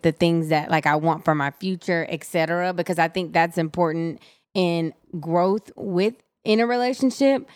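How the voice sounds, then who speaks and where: Smooth, candid young woman co-host. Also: on the low side, no echo, clean studio sound. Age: young adult. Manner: candid, animated, laughs often. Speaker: podcast co-host. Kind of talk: casual chat.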